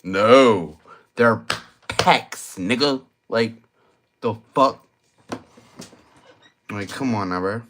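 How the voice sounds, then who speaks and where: A man's voice: lowish voice, drawn-out words, long pauses, noisy background. A young man, tipsy from drinking, rambling through a crude, slang-heavy late-night monologue and repeating his points. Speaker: vlogger.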